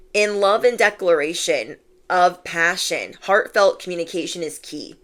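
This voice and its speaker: A woman giving a casual spiritual reading, chatty and affirming, often saying "like". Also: fairly low pitch. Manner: chatty and affirming, heavy use of "like". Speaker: intuitive card reader.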